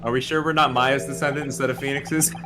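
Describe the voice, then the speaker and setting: A man's voice: medium pitch, fairly even intonation, fast talker, background noise. A man co-streaming a game in casual commentary, easygoing and hedging, laughing often.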